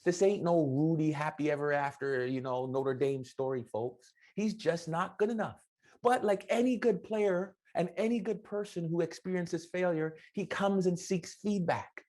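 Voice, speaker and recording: A middle-aged man giving an animated motivational keynote, telling stories and acting out the dialogue. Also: a little high, normal speed. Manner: animated, acts out dialogue with voices. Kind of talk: motivational storytelling speech.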